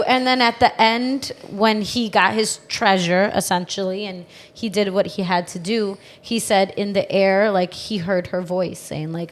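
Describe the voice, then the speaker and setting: A woman's voice: medium pitch, steady tone, unhurried. A woman hosting a podcast, chatting casually and retelling book scenes with feeling. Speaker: podcast host. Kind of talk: casual chat.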